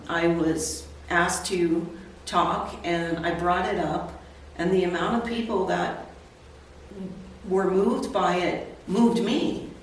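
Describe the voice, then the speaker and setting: A woman in her sixties, a real estate agent, telling her personal story as a guest in an interview, candid and earnest. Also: fairly low pitch. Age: 60s. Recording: echoey, distant, faint noise.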